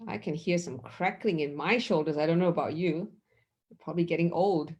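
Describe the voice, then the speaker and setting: A middle-aged woman teaching mindfulness in an online session, guiding listeners gently through stretches and reflection. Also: deep voice. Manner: slow, gentle, instructive.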